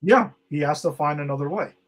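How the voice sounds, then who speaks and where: A man co-hosting a podcast, excitedly reviewing a TV episode in casual chat, swearing freely and acting out quoted lines. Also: fairly high pitch, a little fast. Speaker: podcast co-host.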